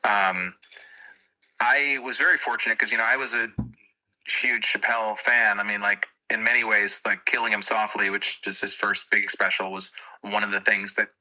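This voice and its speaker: Bright-voiced wry male comedian. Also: fairly low pitch, fairly even intonation, normal speed, poor audio. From near Boston. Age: middle-aged. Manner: wry, self-deprecating storyteller. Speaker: guest comedian. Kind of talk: casual podcast chat.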